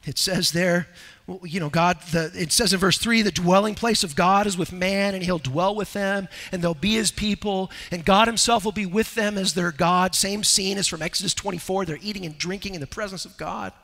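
A man preaching an expository sermon as pastor, moving between loud, urgent exhortation and low, quiet earnestness. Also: moderate pace, in a large hall. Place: church sanctuary.

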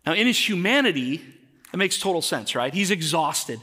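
Man preaching a sermon in a church, high voice, bright tone, conversational, asks questions. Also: sing-song, normal speed. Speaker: pastor.

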